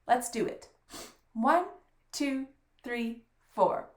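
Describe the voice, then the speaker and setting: A woman's voice: on the high side, extremely slow, roomy sound, over loud music. A woman teaching a fiddle lesson, patiently counting beats aloud and praising often. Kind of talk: encouraging music lesson.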